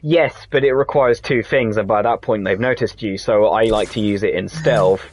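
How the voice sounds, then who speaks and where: A man's voice: on the low side, moderate pace, dry recording. A man co-hosting a gaming stream, chatting casually and explaining the game's mechanics as he plays. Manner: rambling, explains game mechanics. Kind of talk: casual chat while playing a game.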